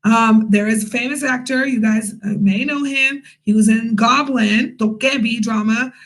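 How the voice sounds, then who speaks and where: A young woman telling a casual storytime vlog, chatty and animated, with many fillers and asides to her viewers. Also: on the high side, moderate pace, low-quality recording. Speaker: vlogger, English teacher in Korea.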